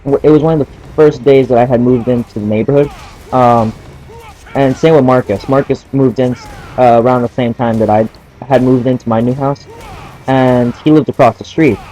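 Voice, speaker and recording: A man's voice: mid-range voice, fairly even intonation, normal speed, mellow, faint music behind, low-quality recording. A young man in casual gameplay commentary, telling a story while playing, laughing often and swearing at the game. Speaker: gaming channel host.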